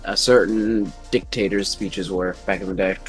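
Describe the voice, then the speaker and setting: A man's voice: sits low, steady tone, moderate pace. A man chatting casually with friends, chatty and poking fun at himself. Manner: chatty, self-mocking. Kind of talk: casual group chat on a livestream. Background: faint background music.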